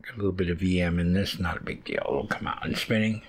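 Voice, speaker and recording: A man's voice: deep voice, steady tone, quick pace. A man hosting a casual hands-on fiber arts tutorial, rambling along with plenty of ums and uhs as he reads and handles wool. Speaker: fiber arts channel host.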